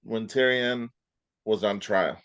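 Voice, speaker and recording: Guy on a podcast, mid-pitch voice, takes his time making a point, dry close sound. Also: slow, fairly bright tone, smooth, dry recording, highs cut off. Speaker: podcast guest. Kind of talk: casual chat.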